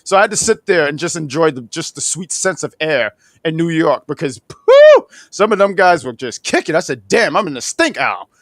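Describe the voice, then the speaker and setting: Animated high-voiced man in his thirties. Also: fairly quick, no echo, clean studio sound. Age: 30s. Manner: animated, rambling storytelling with laughs. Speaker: podcast co-host. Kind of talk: casual wrestling review chat.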